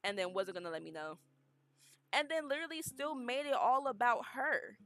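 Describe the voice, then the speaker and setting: A young woman telling a story on a stream, animated and emphatic. Her voice sits a little high and comes across bright and forceful. Faint music plays softly behind her. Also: moderate pace. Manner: animated, emphatic, dramatic retelling.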